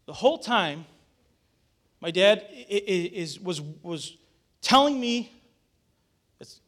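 A man's voice: sits high, animated, takes it slowly, pauses often, a bit bright. A young adult man, a pastor, preaching a sermon, telling a story and rising to urgent calls to get up.

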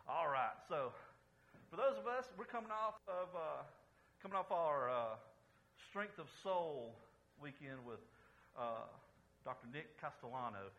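A male pastor gives a relaxed, folksy sermon and talks loosely and warmly with his church. His voice sits a little high and sounds bright and forward. There is a faint ambience of the sanctuary behind him. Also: a little slow, slight background noise, poor audio. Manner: relaxed, rambling, joking, chatty with the congregation.

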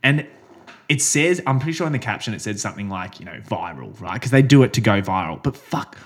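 Joking man, lowish voice. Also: lively intonation, fairly quick. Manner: joking, swears freely, laughs often. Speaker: podcast co-host. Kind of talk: casual chat.

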